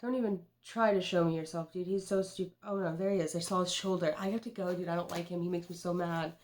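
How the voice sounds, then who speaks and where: A woman's voice: lowish voice, fairly even intonation, fast talker, darkish tone, slight background noise. A woman in her twenties who reads tarot, talking in a loose, rambling way with lots of swearing and "dude.". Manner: rambling and profane, says "dude" a lot. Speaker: tarot card reader. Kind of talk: casual rambling tarot vlog.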